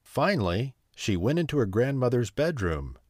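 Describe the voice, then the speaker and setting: A man reading a bedtime story aloud in a slow, soothing, expressive way. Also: mid-range voice, no room sound, studio quality.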